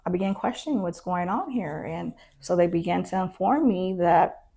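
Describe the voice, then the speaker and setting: A woman's voice: on the low side, normal speed, gravelly, slightly rough. A woman, a county constable, tells her story in an interview, acting out the exchanges and using frequent fillers. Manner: animated retelling that acts out quoted exchanges; frequent fillers like "you know" and "um". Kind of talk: first-person storytelling in an interview.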